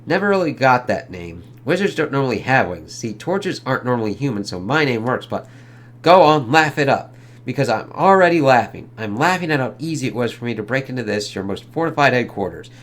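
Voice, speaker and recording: A man's voice: medium pitch, big pitch swings, fairly quick, close to an everyday voice. A man reading as a gloating villain inventor. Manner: gloating, sneering. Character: smug male villain inventor, boastful.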